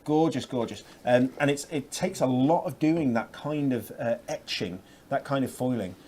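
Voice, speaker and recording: A man's voice: medium pitch, moderate pace, a little mellow, slight background noise. A man presenting craft products on a shopping channel, chatty and upbeat with lots of fillers. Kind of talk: enthusiastic product demonstration.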